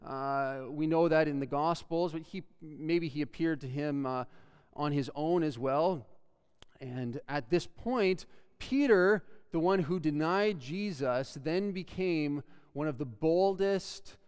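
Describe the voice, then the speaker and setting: A man's voice: on the high side, slow pace, a little mellow, clean tone. A male pastor preaching a sermon, earnestly reading scripture aloud and building emphasis as he explains it. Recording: long hall reverb.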